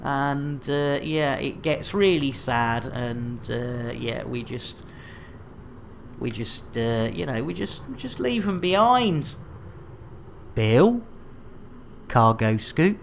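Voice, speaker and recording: A man's voice: mid-range voice, expressive, slow pace, gravelly, pauses often, a little hiss or hum. A man commentating his live game stream, chatting with viewers in a jokey manner full of innuendo.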